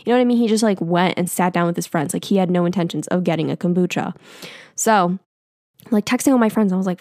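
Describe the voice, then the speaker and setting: A woman's voice: on the low side, fast, no echo. Young woman podcast host, chatty storyteller, close dry recording. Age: 20s. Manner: chatty, animated, frequent "like" fillers. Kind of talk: casual storytelling.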